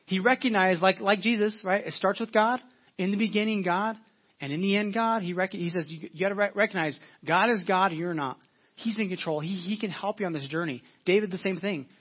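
A man preaching a sermon as pastor, earnest, repeating phrases for emphasis and slowing down when reading scripture. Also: high voice, dull audio.

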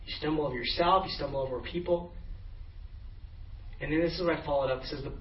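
Pastor preaching in an echoey hall. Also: male voice, a little high, quick pace. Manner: casual, storytelling, with frequent restarts. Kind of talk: sermon. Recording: echoey, distant, dull room sound.

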